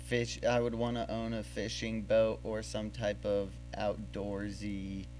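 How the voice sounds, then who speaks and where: A man's voice: lowish voice, monotone, measured pace, a little mellow, faint music behind. Easygoing podcast host, a man. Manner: rambling, thinks aloud with fillers. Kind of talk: casual chat.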